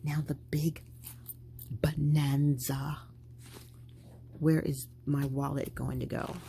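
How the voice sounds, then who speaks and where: A woman's voice: extremely low pitch, moderate pace, vocal fry, a little hiss or hum. A woman vlogger chatting casually to her viewers as she packs a handbag. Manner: chatty, animated, talking to viewers while packing a bag. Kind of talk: casual chat.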